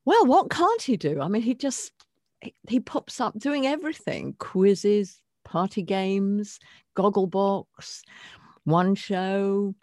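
An older woman co-hosting a casual podcast chat, reflective and expressive as she introduces guests. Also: mid-range voice, slow pace, no room sound, studio quality. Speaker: co-host.

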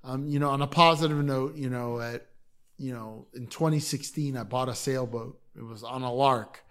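A man in his fifties speaks in an earnest, halting way, often restarting his sentences and leaning on fillers. His pitch sits in the middle range for a man. He talks like a podcast guest in relaxed conversation. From Philadelphia. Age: 50s. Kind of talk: casual chat.

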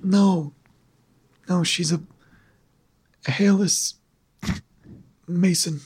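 Husky high-voiced game master. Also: male voice, fairly even intonation, drawn-out words, a little mellow. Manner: joking, self-mocking. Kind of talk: narrating a tabletop game.

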